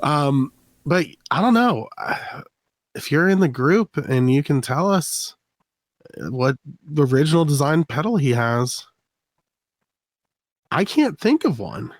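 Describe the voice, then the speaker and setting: A man's voice: a little high, sing-song, takes it slowly, long pauses, no echo. East coast guy rambling and joking on a podcast, dry close sound. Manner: joking, rambling, laughs often. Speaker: podcast co-host. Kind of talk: casual chat.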